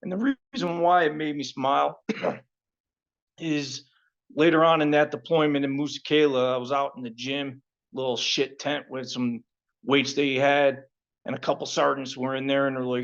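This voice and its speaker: A man's voice: mid-range voice, little pitch movement, normal speed, highs cut off. A middle-aged man, a former Marine gunnery sergeant, casually telling war stories to his old unit with plenty of swearing and a heartfelt streak. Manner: profane, joking, heartfelt at the end. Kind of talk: casual storytelling to fellow Marines.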